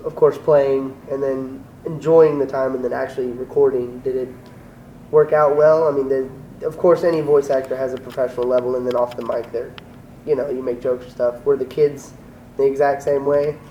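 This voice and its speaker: A podcast co-host, a man with an ordinary middle pitch, asks questions and drops in quick supportive remarks. He sounds set back from the mic in a roomy, echoing space, with faint noise underneath. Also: fairly even intonation, dark tone, far from the mic, muffled recording. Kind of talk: casual podcast interview.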